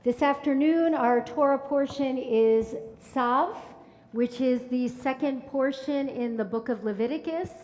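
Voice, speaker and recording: A woman leading a synagogue service who tells a story as a sermon in a slow, measured way. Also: high-pitched, a little mellow. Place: synagogue sanctuary. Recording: long reverb in a large hall.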